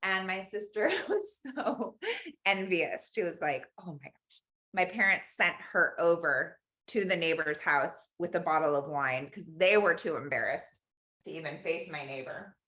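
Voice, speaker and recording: Teaching an online cooking class from Los Angeles, this woman has a deep, bright, forceful voice and talks at a normal speed. She's a chatty storyteller who slips Spanish words in as she cooks, and the room sounds echoey.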